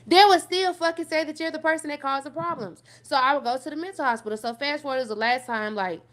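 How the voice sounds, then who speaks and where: A young woman talks through her own past. She is blunt and profane. She keeps pushing the story on with "so fast forward". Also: sits high, a bit bright. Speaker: guest telling her life story. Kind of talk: candid personal storytelling on a call-in show.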